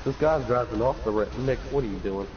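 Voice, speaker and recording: A man streams a game with a friend, cracking jokes, swearing freely and slipping into goofy voices for the characters. His voice sits at an ordinary middle pitch. The stream audio is dull and lo-fi, with a faint hiss underneath. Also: fast talker. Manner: joking, swears often, acts out silly voices for game characters. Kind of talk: casual gameplay chat with a friend.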